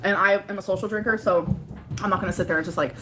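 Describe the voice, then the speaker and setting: A woman's voice: mid-range voice, fairly even intonation, fast talker, noisy background. A young woman vlogging to her viewers, chatty and rambling, filling her speech with "like" while she does her makeup. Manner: chatty, rambling, heavy use of "like". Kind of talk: casual vlog talking to viewers.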